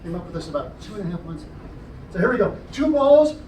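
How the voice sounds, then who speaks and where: Joking high-voiced man performing live, echoey. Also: very animated, quick pace. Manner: playful, joking, explains each trick step by step. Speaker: children's juggler and entertainer. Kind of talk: live stage show patter. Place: library program room, indoors. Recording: roomy, distant, noisy audience recording.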